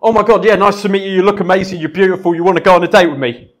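A panicky young man blurts compliments in a loud, high, breathless rush, as a man puts him on. He sounds far too eager. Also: steady tone, lightly acted. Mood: frantic. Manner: rushed, loud, breathless gush.

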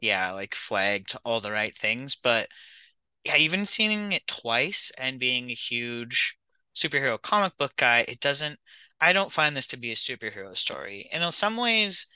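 A man's voice: mid-range voice, big pitch swings, measured pace, pushed and bright, smooth, no room sound, rough recording. A man co-hosting a film podcast in casual chat, enthusiastic and easygoing. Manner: enthusiastic, easygoing, laughs often. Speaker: podcast co-host.

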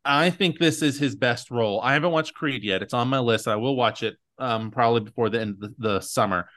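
A man hosting a casual podcast chat, talking at an ordinary pitch. He rambles cheerfully and fills gaps with frequent fillers and restarts. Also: a little fast, a bit bright. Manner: chatty, rambling with many fillers. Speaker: podcast host.

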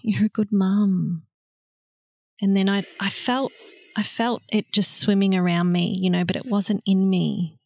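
A woman guest on a podcast, speaking in a soft, slow, heartfelt way with long pauses. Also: medium pitch, steady tone, gravelly, no room sound, studio quality. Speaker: guest, motherhood facilitator. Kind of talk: slow reflective conversation.

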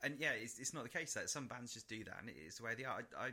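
A man's voice: mid-range voice, expressive, very fast, bright, forceful tone, slightly rough. A young man from co-hosting a podcast, chatting in a rambling, sweary way and acting out what people said. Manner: rambling and sweary, full of "like", acts out quotes. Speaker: podcast co-host. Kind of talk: casual chat.

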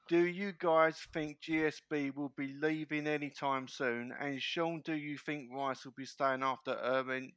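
A man's voice: fairly high pitch, a bit bright, smooth, no room sound. A man co-hosting a casual talk show, joking as he reads listener messages aloud. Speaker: podcast co-host reading fan messages. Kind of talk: casual banter.

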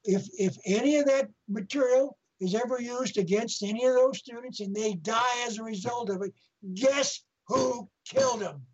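A man speaks as an interview guest, spinning a long story in a husky, slightly rough voice. He often repeats and restarts his phrases as he goes. The recording is muffled and lo-fi. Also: very high voice, moderate pace, hardly any pauses. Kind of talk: telling an anecdote in an interview.

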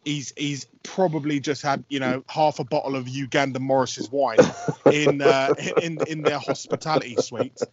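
A man's voice: medium pitch, fairly even intonation, moderate pace, a crowd in the background. A man who works as a football radio commentator. He tells a story in casual podcast chat, rambling, laughing and swearing, with many restarts, and he has a cold. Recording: dull lo-fi audio.

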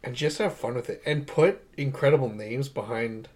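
A man's voice: medium pitch, moderate pace, a little mellow. Enthusiastic young man reviewing films. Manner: enthusiastic, rambling, laughs often. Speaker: podcast co-host. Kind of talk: casual movie review chat.

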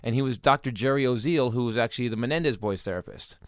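A man, a comedian guest, telling stories from his life in a rapid, animated way, acting out the people he quotes. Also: medium pitch, no echo, studio quality. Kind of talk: casual storytelling.

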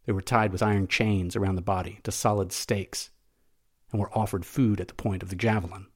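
A man narrating a classic novel as an audiobook, in a measured, steady reading. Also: sits low.

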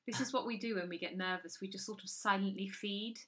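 A woman co-hosting an improvised comedy chat at home, telling long tangential stories in a deadpan, rambling way. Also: mid-range voice, fairly quick, noisy background. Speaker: comedy podcast co-host. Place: house in London.

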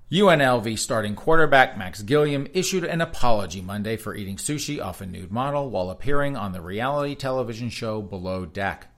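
A man's voice: on the low side, a little fast, hardly any pauses. A man hosting a talk show, reading news articles aloud and breaking off into sarcastic, mocking asides. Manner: sarcastic, mocking asides between read-outs; reads articles aloud in a flat news cadence. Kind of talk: casual commentary reading headlines aloud.

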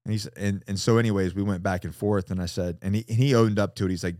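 A man guest on a casual podcast, profane and animated, often acting out what others said. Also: deep voice, fast talker, few pauses, no echo, studio quality. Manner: profane, animated, acts out quotes. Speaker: guest, former Marine.

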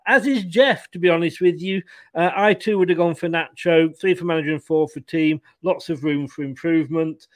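A man hosting a casual live fan stream, chatting quickly and reading out viewer comments. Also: a little high. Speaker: fan channel host.

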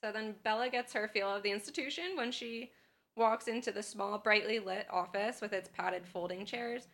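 A woman co-hosts a casual podcast and walks through a book chapter in summary. Her voice is bright and her pitch sits mid-range. She laughs easily between points. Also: normal speed. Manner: laughs often, recaps the chapter. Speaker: podcast co-host. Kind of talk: casual chat with summary reading.

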